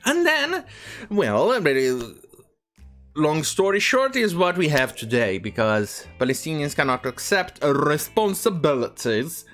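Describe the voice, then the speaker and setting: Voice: medium pitch, sing-song, unhurried, a bit bright, faint music behind. A commentator delivering an opinionated news rant, full of asides and restarts. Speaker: online commentator.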